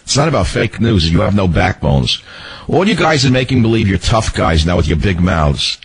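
A man's voice: low-pitched, very animated, normal speed, slight background noise, poor audio. A man hosting a talk radio show, delivering a mocking, scolding political monologue.

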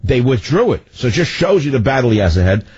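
Husky older man ranting on radio. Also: medium pitch, big pitch swings, quick pace, dry recording. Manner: loud commanding voice, ranting. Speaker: talk radio host. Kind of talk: political talk radio monologue. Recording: dull lo-fi radio broadcast.

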